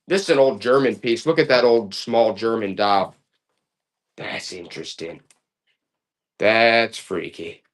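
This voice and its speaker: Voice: mid-range voice, a little slow, pauses often. A live online auction seller running a stream with playful, joking sales banter.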